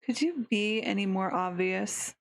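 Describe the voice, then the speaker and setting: A woman's voice: medium pitch, measured pace, close to an everyday voice. A woman voicing a languid, sneering young male monster, drawling every line with derision while reading a visual novel aloud. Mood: derisive.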